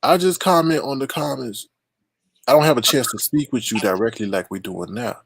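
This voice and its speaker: A man hosting a casual livestream chat, animated and theatrical when introducing guests. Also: mid-range voice, fairly quick, gravelly, husky, no room sound. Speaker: livestream host.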